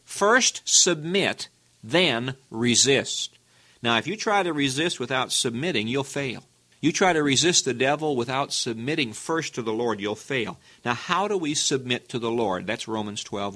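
Male preacher, middle-pitched, emphatic sermon delivery with rhetorical questions. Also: sharp tone. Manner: earnest, emphatic, with sudden rises in pitch.

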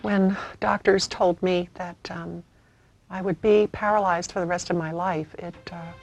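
Gravelly woman in her fifties, reflective. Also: on the low side, steady tone, darkish tone, muffled recording, slight background noise. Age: 50s. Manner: reflective, measured, hesitant fillers. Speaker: narrator. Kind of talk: personal testimony narration. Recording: music bed under the voice.

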